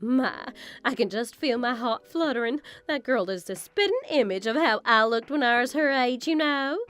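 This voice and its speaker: A woman's voice: a little high, moderate pace, a bit bright, faint music behind, lightly acted. A woman playing a haughty scornful mother-in-law. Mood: vain. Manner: condescending, self-admiring. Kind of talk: scripted text-story drama.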